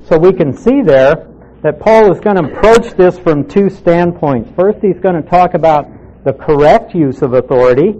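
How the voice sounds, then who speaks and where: A man leads a Bible study, first reading a passage and then explaining it step by step. His voice sits a little high but sounds mellow and relaxed. The recording is somewhat dull and lo-fi. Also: moderate pace. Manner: steady, methodical teaching with reading aloud. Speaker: Bible teacher.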